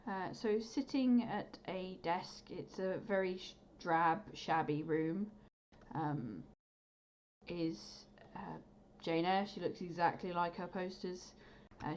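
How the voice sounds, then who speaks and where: Woman game master, lowish voice, lots of ums, dull mic w/ a bit of hiss. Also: a little mellow. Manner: chatty, hesitant with many ums. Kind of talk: narrating a tabletop game. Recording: dull lo-fi mic with faint noise.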